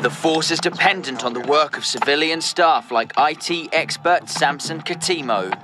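A man's voice: fairly high pitch, moderate pace, lightly acted. A man narrating a mock documentary in a punchy, alliterative style. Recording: music bed behind voice.

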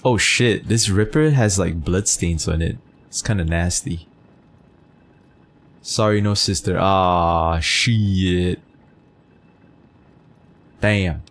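A man's voice: sits low, takes it slowly. A man streaming a game, chatting casually with his chat, teasing, full of fillers and swearing. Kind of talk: casual gameplay commentary, reading chat.

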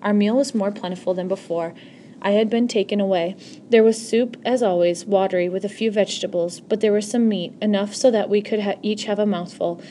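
A woman's voice: medium pitch, steady tone, fairly quick, dark tone, a little hiss or hum. Woman reading a novel aloud, self-correcting. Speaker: audiobook reader.

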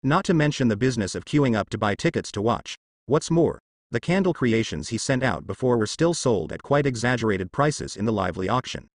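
A man narrating a translated fan-fiction story at a steady, even reading pace. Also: medium pitch, fairly quick, no echo, studio quality.

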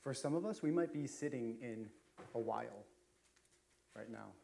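A man's voice: medium pitch, lively intonation, moderate pace, gravelly, mellow. A man preaching a sermon as a pastor, chatty and storytelling, with frequent fillers and restarts. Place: church sanctuary.

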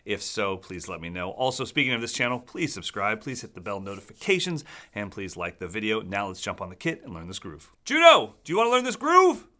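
A man's voice: on the low side, expressive, a little fast, hardly any pauses, sharp tone. A man giving a casual, friendly drum lesson who sings out drum patterns with his voice. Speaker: drum teacher. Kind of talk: casual instructional talk.

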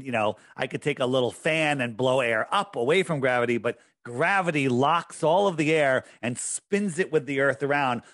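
A man's voice: mid-range voice, a bit bright, dry recording, clean studio sound. A man speaking as a podcast guest in casual chat, insistent and emphatic, often repeating himself.

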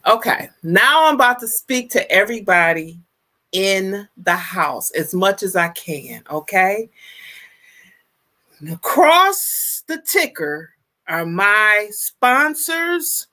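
A woman in her fifties hosting a casual live stream, greeting viewers with exuberant shouts and drawn-out, playful calls. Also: mid-range voice. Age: 50s. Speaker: livestream host.

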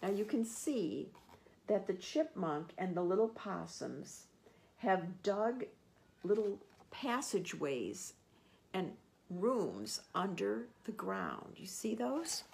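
A woman, a children's librarian, reading a picture book aloud and gently explaining words and pictures to children. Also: mid-range voice, big pitch swings, slow, gravelly.

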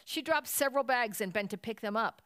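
A woman reading a children's Christmas story aloud at a church service, telling it with lively expression. Her voice sits fairly high and sounds smooth and clear. The recording is close and dry. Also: a little fast, dry recording.

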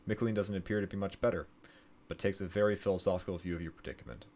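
A man's voice: low voice, fairly even intonation, racing, a little mellow. A man streaming a game, reading its story text aloud, stumbling over words and correcting himself with casual asides.

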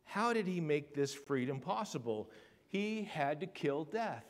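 A man preaching a sermon in a church. He swings from hushed to loud and leans on rhetorical questions and repetition. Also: a little high, sing-song, unhurried. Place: church sanctuary.

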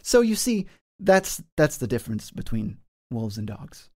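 Man as cloaked forest warden, smug and pedantic, haggling, everyday pitch. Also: very animated, a little slow, dark tone.

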